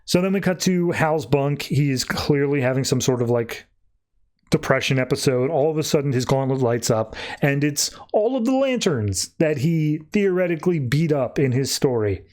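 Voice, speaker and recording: A man's voice: a little high, expressive, normal speed, darkish tone. A man hosting a podcast, loosely retelling a comic plot with plenty of fillers. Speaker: podcast host. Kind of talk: casual comic recap.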